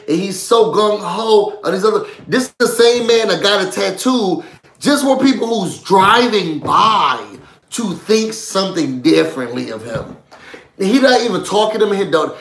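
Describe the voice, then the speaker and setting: A man's voice: high voice, a bit bright, reverberant. A man hosting a live reality-show recap, ranting heatedly with lots of profanity. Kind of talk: live stream rant.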